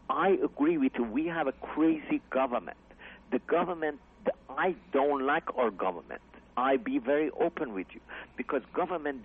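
This comedy club owner has a mid-range voice with a breathy edge. He chats earnestly in a casual radio interview, rambling in English with broken grammar, and the audio sounds tinny and phone-like.

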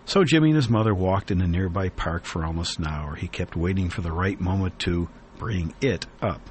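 Earnest low-voiced male radio host. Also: a little hiss or hum. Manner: reflective, earnest, with frequent fillers and pauses. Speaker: radio talk show host. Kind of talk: radio talk show, reading a newspaper column aloud.

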